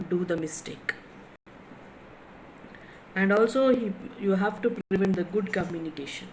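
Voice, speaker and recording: An English lecturer from India gives a classroom lesson on pronunciation, going over points again and again and tossing rhetorical questions to the class. Her voice is mid-range and a bit mellow, and the poor recording carries slight background noise.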